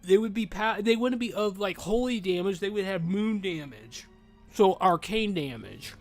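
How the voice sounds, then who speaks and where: A man chatting casually while he plays a game, rambling and animated, saying dude a lot, and talking with his mouth full while he eats. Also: high voice, moderate pace, faint music behind. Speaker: gaming streamer. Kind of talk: casual gameplay chat.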